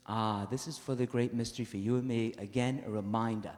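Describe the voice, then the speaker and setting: Male parish priest, mid-pitched voice, telling stories in a homily, long church reverb. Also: fairly even intonation, a little fast, few pauses, a little mellow. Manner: storytelling, acts out quotes, many "uh" fillers. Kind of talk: conversational homily.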